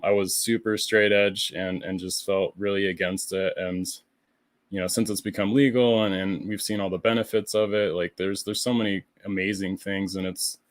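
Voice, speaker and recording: A man speaking as a podcast guest, relaxed and thoughtful, with plenty of "like" and "you know". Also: on the low side, no echo. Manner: relaxed, thoughtful, many fillers. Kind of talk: casual chat.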